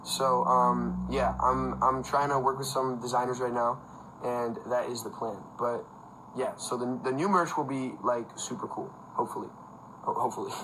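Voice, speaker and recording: A man's voice: medium pitch, fairly even intonation, moderate pace, noisy background. A young man hosting a casual phone livestream from home, talking loosely with lots of fillers and frequent laughs. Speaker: livestream host. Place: indoors at home with a fan.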